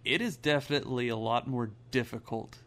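A man's voice: mid-range voice, a little fast, a bit bright. Laid-back man swearing in casual chat.

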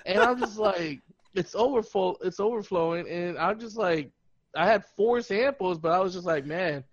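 A man's voice: sits high, normal speed, vocal fry, no echo, muffled recording. A man telling a funny story in casual podcast chat, laughing and acting out what people said. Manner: animated, laughing, acts out quotes. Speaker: podcast host.

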